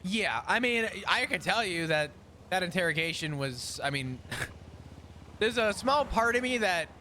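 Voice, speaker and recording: A man's voice: high voice, animated, unhurried, sharp tone, a little hiss or hum. A man in casual roleplay chat, rambling through long explanations and laughing often. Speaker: roleplay character in a court case.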